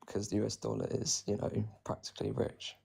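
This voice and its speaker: A man calling into a debate, speaking with heavy vocal fry and making his points haltingly, with many pauses. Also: fairly low pitch, monotone, a little mellow. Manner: halting, hesitant, slow to make a point. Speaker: caller in debate.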